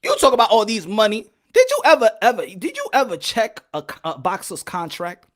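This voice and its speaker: A man doing boxing commentary as a loud, profane, animated casual rant, laughing often. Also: high-pitched, brisk.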